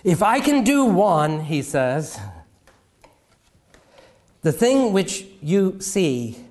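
Male preacher, middle-aged, higher register, dramatic pauses and hushed drops. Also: big pitch swings. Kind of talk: sermon.

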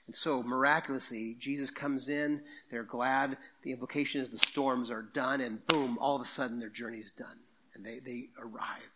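A man preaching a sermon to his congregation with a bright, forceful tone. His delivery is conversational, with quick asides to the people in the pews. He reads scripture aloud between points. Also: medium pitch, fairly even intonation. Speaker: pastor.

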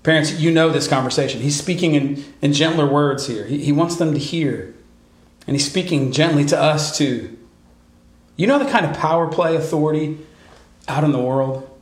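A man preaching a conversational sermon as pastor, sometimes dropping to soft, earnest tones. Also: a little high, roomy sound.

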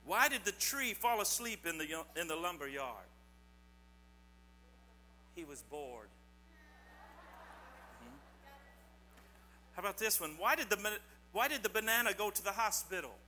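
A playful pastor with a high, sharply bright voice tells corny jokes to children and teases his listeners at an easy, unhurried pace. His voice carries a long church reverb, with a faint mains hum beneath it. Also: very animated. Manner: playful, teasing, quizzes the audience. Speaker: pastor giving a children's message. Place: church sanctuary.

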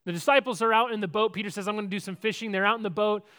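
A man preaching a sermon, telling a Bible story with big swings between loud and hushed, often repeating words and restarting sentences. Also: high-pitched, very fast, clean tone. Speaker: pastor.

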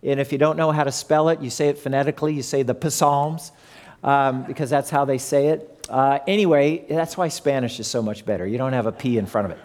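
A man's voice: mid-range voice, fast, few pauses, a little mellow. Preaching man in a reverberant hall. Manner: conversational, asks the audience questions. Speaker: pastor. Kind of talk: sermon.

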